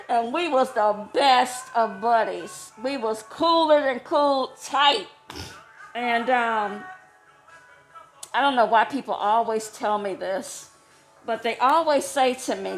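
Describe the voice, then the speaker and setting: Slow-talking chatty woman, laughs a lot. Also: soft background music. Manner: chatty, laughs often, squeals high when excited. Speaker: vlogger. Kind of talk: casual storytelling. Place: homeless shelter.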